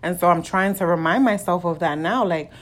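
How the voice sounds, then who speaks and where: A woman's voice: on the low side, a little fast. A young adult woman hosting a solo podcast, talking candidly and confessionally with casual swearing. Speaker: podcast host.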